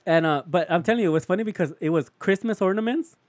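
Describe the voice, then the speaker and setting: A man's voice: sits high, quick pace, dry recording. A young man, telling a story in casual chat, slangy and profane, calling his listener "fool" over and over.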